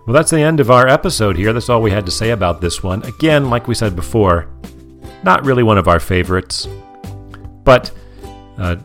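Low-voiced man in casual podcast chat. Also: animated, normal speed, fairly bright tone, faint music behind. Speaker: podcast co-host.

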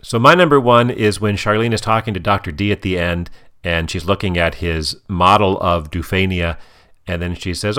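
A man co-hosting a casual family podcast as the dad, telling stories in an animated, playful way. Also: low voice, normal speed, clean tone. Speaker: podcast co-host and father.

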